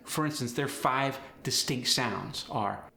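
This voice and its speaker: A man coaching accents, explaining step by step in a clear, instructional way. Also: mid-range voice, slow, bright, forceful tone, echoey room, a little hiss or hum. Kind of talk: instructional lesson.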